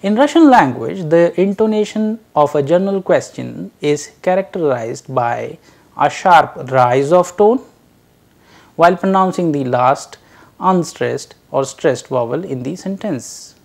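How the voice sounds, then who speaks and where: A man giving a recorded lecture, teaching slowly and deliberately and drilling short example phrases. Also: on the high side, lively intonation, gravelly, a little mellow.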